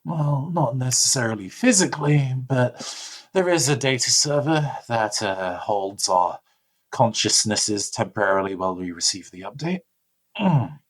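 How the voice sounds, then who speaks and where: A man's voice: medium pitch, lively intonation, unhurried. A man voicing a bored, smug android attendant in a tabletop role-play, talking in a weary, condescending way.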